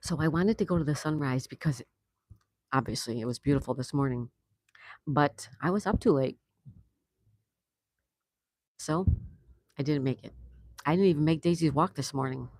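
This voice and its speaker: A woman's voice: low voice, darkish tone, no echo. A woman hosting a casual live stream, chatting and laughing as she greets viewers and answers their comments. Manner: laughs often. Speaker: livestream host. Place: home in Florida.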